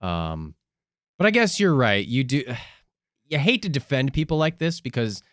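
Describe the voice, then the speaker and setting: A man's voice: mid-range voice, wildly swooping pitch, measured pace, a bit bright, dry recording, studio quality. A man co-hosting a casual podcast, crude and sardonic, often sighing. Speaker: podcast co-host.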